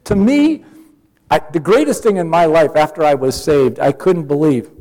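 A man's voice: a little high, expressive, moderate pace, a little mellow. A man preaching a sermon as a pastor, explaining scripture patiently and with earnest emphasis. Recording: long hall reverb.

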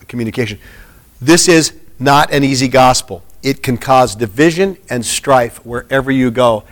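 A man's voice: mid-range voice, fairly bright tone. A middle-aged man, a pastor, giving an informal sermon and chatting earnestly with a small group.

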